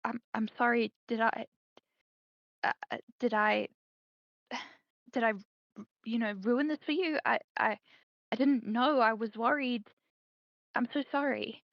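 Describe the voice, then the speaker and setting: A woman's voice: a little high, unhurried, creaky, pauses often, no room sound, highs cut off. A woman voicing a confused, worried young woman adventurer in a tabletop role-play game, stammering anxiously.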